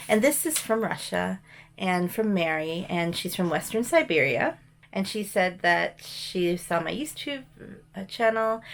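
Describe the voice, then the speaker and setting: Chatty woman, lower voice. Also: vocal fry, a little hiss or hum. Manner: chatty, rambling, frequent ums and restarts. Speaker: mail and thrift vlogger. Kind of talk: casual show-and-tell chat.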